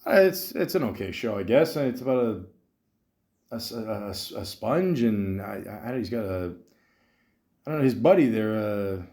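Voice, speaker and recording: This podcast host, a Canadian in his thirties, has a lowish, mellow voice with lively intonation and a moderate pace. His story wanders, full of fillers and casual cursing.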